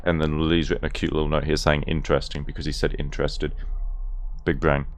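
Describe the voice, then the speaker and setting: A man's voice: rumbling low, little pitch movement, fast, slight background noise. A man casually commentating a horror game, with wry, sarcastic asides. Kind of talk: casual let's-play commentary.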